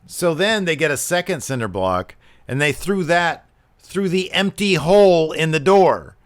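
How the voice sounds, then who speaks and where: A man hosting a podcast in casual chat, retelling events with lively acted-out quotes. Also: a little high, measured pace. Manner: animated retelling, acts out quotes. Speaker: podcast host.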